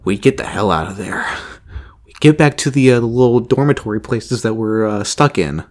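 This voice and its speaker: A man's voice: lowish voice, animated, moderate pace, a little mellow. A young man telling a rambling, casual story, laughing often and swearing freely. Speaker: vlogger.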